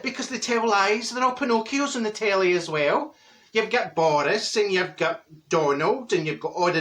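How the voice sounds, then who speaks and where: A man's voice: high voice, fairly bright tone. A man playing a blunt, gossipy middle-aged woman from Glasgow, with a Glaswegian Scottish accent, delivering a comic monologue with mocking asides. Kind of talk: comedy monologue in character.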